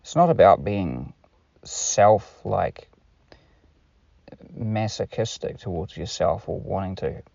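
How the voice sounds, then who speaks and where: A man's voice: deep voice, expressive, slow, gravelly, pauses often, warm tone, dry recording, dull audio. A man talking casually to camera in a rambling monologue, swearing freely and using many fillers. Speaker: vlogger.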